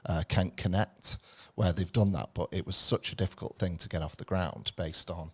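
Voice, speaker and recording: A man speaking casually on a webinar panel over a video call, with relaxed fillers. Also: deep voice, moderate pace.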